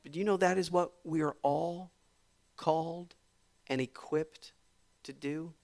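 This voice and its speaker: Gravelly preacher swinging from hush to climax. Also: male voice, fairly high pitch, fairly even intonation, a little slow. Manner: swings from hushed near-whispers to loud rising crescendos; repetitive emphatic build-ups. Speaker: pastor. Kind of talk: sermon.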